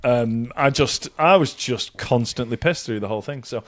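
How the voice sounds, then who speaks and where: A man's voice: medium pitch, moderate pace, fairly bright tone, no room sound. A man from the UK co-hosting a podcast, bantering casually and laughing often. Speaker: podcast co-host.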